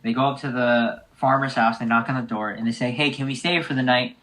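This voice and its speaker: A man's voice: medium pitch, quick pace, low-quality recording. A young man co-hosting a casual podcast, telling a long joke and acting out the characters. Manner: animated storyteller, acts out characters. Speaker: podcast co-host.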